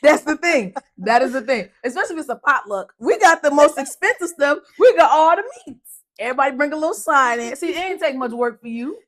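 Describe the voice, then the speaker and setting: A young adult woman co-hosts a podcast, chatting casually and telling animated stories in African American vernacular, laughing often. Her voice is high-pitched and brisk.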